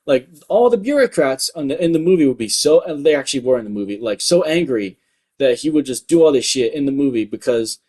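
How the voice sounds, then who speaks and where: A man's voice: medium pitch, expressive, fast, mellow, husky. Profane rambling young man ranting. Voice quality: light voice. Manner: profane, rambling, full of filler words. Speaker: YouTube commentator. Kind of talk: ranting commentary.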